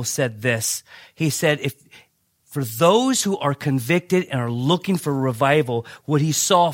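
A man's voice: a little high, a bit bright, dry recording. A man preaching a sermon in a conversational way, telling personal stories and often restarting his sentences. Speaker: pastor.

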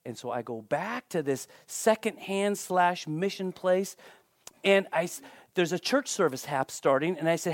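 A man preaching a sermon, telling a personal story in an animated, emphatic way. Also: high-pitched, moderate pace, no echo.

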